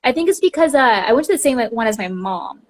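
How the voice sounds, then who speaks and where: A woman's voice: fairly high pitch, expressive, fast talker. A young woman in her twenties hosting a casual video chat, telling stories in a chatty way. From Texas, USA. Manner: chatty, storytelling with quoted voices and laughs. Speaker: podcast host. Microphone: video call.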